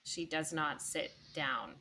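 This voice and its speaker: A woman narrating a tabletop game as game master, unhurried and descriptive. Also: deep voice. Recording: clear background noise.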